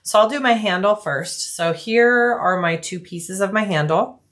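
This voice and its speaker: Relaxed woman talking through a sewing project. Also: mid-range voice, measured pace. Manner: relaxed, practical, thinks aloud with frequent ums. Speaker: bag-making tutorial host. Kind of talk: casual sewing tutorial narration.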